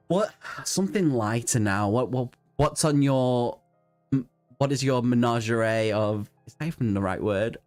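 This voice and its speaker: A man hosting a casual book livestream, playful and giggly, slipping into silly voices. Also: medium pitch. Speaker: book channel host.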